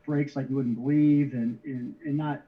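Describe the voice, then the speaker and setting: A middle-aged man talks through his story in a relaxed, halting way, often doubling back on his words. His voice sits at an ordinary pitch. The audio is slightly dull and lo-fi, like a video call. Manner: halting, many restarts, easygoing chuckles. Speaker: interview guest, card shipper. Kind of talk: casual conversational storytelling.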